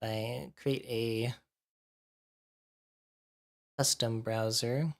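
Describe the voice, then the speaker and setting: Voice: mid-range voice, fairly even intonation, drawn-out words, gravelly. Out-of-breath chatty streamer. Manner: chatty, thinking aloud while setting up. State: a bit out of breath from allergies. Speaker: livestreamer. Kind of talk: casual livestream chat to viewers.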